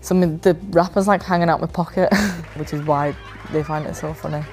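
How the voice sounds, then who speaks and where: A woman's voice: sits low, fairly even intonation, moderate pace, darkish tone. A woman in her twenties from England, a professional footballer chatting casually and laid-back as she looks back over match footage. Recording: background music under voice.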